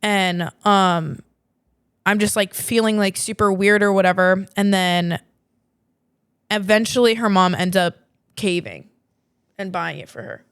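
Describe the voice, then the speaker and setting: A young woman in her twenties hosts a podcast and tells a story in a loose, chatty way. She fills it with "like" and casual swearing. Her voice is smooth, and the sound is close and dry. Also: mid-range voice, measured pace, long pauses, no echo. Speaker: podcast host.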